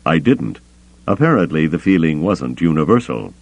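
A man voicing a calm, careful male smuggler leader in an audiobook, deep and gravelly. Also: no echo, full character voice. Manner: measured, deliberate.

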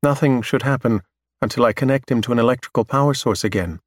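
A man voicing a calm, precise android scientist who speaks matter-of-factly. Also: medium pitch, fast, dry recording, clean studio sound, close to an everyday voice. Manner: completely calm, matter-of-fact.

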